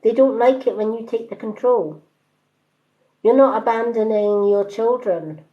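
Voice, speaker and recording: A woman in her fifties with a mixed British accent, giving a card reading on a live stream in an unhurried, hesitant, reassuring way with many ums. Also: a little high, lo-fi sound. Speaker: tarot card reader.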